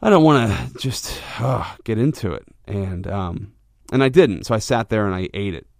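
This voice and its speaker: A man's voice: lowish voice, lively intonation, moderate pace, vocal fry, darkish tone, dry recording, clean studio sound. A man hosting a podcast, talking candidly and self-reflectively about his own frustrations, with a rambling delivery full of restarts. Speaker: podcast host. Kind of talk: candid personal monologue.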